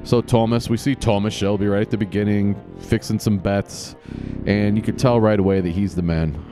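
A man's voice: fairly low pitch, steady tone, normal speed, over music. A man hosting a casual solo podcast, rambling, often restarting his sentences and swearing casually. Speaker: podcast host.

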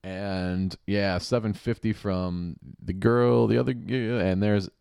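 A man with a fairly low voice narrates a game show episode as it plays, tossing in mocking jabs and quick asides. The sound is dry and close to the mic, like a home podcast setup. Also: fairly even intonation, creaky, darkish tone, clean tone, no room sound. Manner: sarcastic, mocking running commentary with quick asides and laughs. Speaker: podcast host. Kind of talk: casual play-by-play of a TV game show.

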